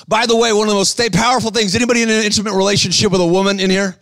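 A man with a high, bright voice preaches with fire, shouting and urging the crowd to answer him. He switches between rapid patter and slow, heavy emphasis. The sound is close and dry. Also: fairly even intonation, no room sound. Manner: fiery, shouting calls for the crowd to respond; bursts of quick patter between slow, stressed lines. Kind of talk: sermon to a live audience.

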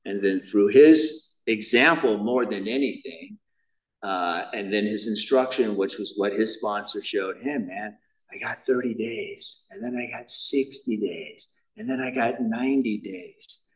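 A man's voice: lowish voice, measured pace, far from the mic, low-quality recording. A man speaking at a recovery meeting, telling his personal story in a casual, self-deprecating way, sprinkled with "man" and "you know". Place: meeting room.

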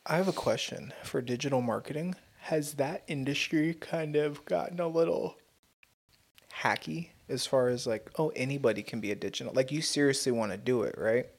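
A man's voice: medium pitch, normal speed, vocal fry. A man from the United States co-hosting a casual podcast chat, teasing his friend and swearing casually. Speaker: podcast co-host.

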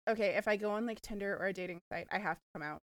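A woman's voice: mid-range voice, rapid-fire, dry recording, studio quality. A young woman co-hosting a podcast, chatting casually in a blunt, joking way and laughing often. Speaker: podcast co-host. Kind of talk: casual chat.

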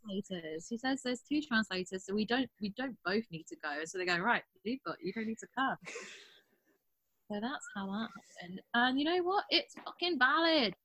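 A woman with a bright, forward voice and a slightly high pitch, chatting casually and swearing as she acts out lines. Her voice sits close and dry on the mic, with no room sound. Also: animated, normal speed, no echo. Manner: swears freely, acts out quotes. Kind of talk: casual chat recapping a TV episode.

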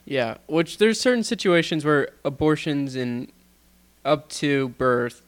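A young man co-hosting a casual podcast, agreeing readily and chiming in with quick reactions. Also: a little high, expressive. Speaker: podcast co-host. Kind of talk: casual chat.

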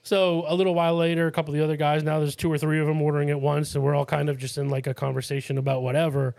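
A man's voice: a little high, little pitch movement, rapid-fire, vocal fry, a little mellow, no echo. A man, co-hosting a podcast and telling rambling stories in a casual chat, full of fillers, laughs and swearing. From Massachusetts, USA. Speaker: podcast co-host.

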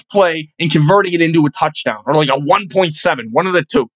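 A man in his twenties hosting a sports podcast, ranting as an excited fan and swearing constantly. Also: fairly quick, few pauses, no echo, low-quality recording. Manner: swears constantly, gets louder and higher when hyped. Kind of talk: profane, excitable fan rant.

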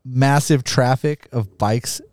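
A man co-hosting a podcast, telling a rowdy story in casual chat, swearing a lot, laughing often and acting out his own quoted lines in a higher voice. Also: takes it slowly, darkish tone. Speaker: podcast co-host.

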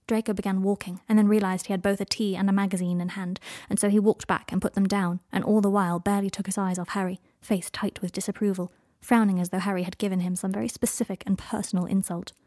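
A woman narrating fan fiction as an audiobook, with measured, unhurried phrasing. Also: medium pitch, level tone, a little mellow, dry recording, studio quality.

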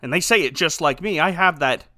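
High-pitched man, lively sarcastic movie recap, bright voice, dry sound. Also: a little fast, no echo. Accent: Ohio. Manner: sarcastic, animated, laughs often. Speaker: podcast host recapping a movie. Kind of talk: comedic movie recap chat.

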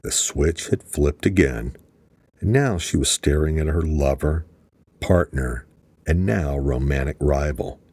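Male narrator, low and husky, measured delivery, dry studio sound. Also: darkish tone, no echo. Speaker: audiobook narrator. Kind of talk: scripted narration.

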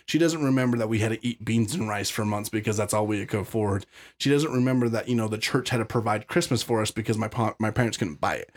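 A man's voice: fairly low pitch, fast. A man from Utah, a podcast guest, telling his story in casual, blunt talk full of profanity and restarts.

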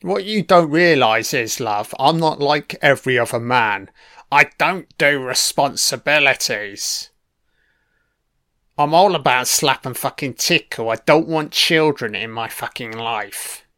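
A man's voice: sits high, very animated, unhurried, gravelly, fairly bright tone, pitched above the performer's own voice, exaggerated voice. A man mockingly voicing a cocky, uncaring young ladies' man in a swaggering, crude way. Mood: dismissive.

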